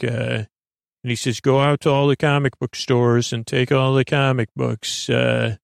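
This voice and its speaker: Male podcast host with a gravelly, even-toned delivery, rambling through a sleepy retelling. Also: mid-range voice, normal speed, no room sound, studio quality. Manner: meandering, full of filler words.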